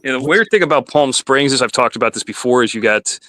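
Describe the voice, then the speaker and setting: Fast talking guy, bright voice, dry close sound, just rambling along. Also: mid-range voice, animated, dry recording. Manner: chatty, rambling descriptions. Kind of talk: casual chat.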